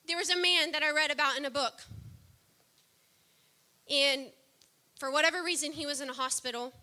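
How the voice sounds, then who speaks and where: A woman preaching a sermon, impassioned, swinging from soft, low passages to loud outbursts. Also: steady tone, normal speed.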